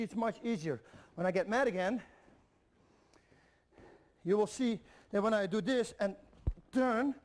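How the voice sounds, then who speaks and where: A man with a high speaking voice walks students through kicking drills. He coaches in a direct, repetitive way and counts each step as he demonstrates. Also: a little mellow. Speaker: MMA instructor. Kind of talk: instructional video demonstration.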